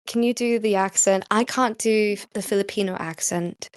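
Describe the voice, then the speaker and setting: A woman hosting a casual live chat, soft-spoken, giggly and rambling. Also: medium pitch, normal speed, smooth, no echo, studio quality. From Australia. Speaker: host.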